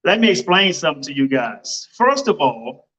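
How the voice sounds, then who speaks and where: A man's voice: fairly high pitch, sing-song, moderate pace, fairly bright tone, breathy edge, low-quality recording. A man hosting his own podcast, talking casually and emphatically, with lots of exclamations. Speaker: podcast host. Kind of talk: casual motivational podcast talk. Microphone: home computer setup microphone.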